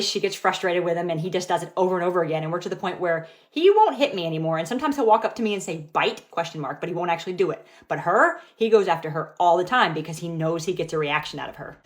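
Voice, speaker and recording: A woman talking calmly and patiently as a parent, mixing dry humor into everyday parenting skits and advice. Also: fairly low pitch, fast talker, hardly any pauses. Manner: calm, patient, dryly wry. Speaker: parent content creator.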